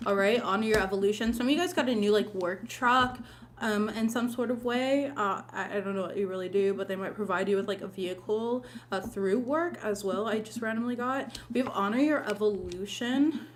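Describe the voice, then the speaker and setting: A woman's voice: mid-range voice, fairly quick, a little hiss or hum. A woman giving a casual weekly tarot reading, chatty and informal, with many fillers. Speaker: tarot reader.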